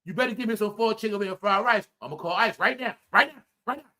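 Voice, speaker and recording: A man's voice: high-pitched, fast, bright, forceful tone. A man playing a pushy customer who threatens a restaurant to get free food. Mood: demanding. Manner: demanding, threatening.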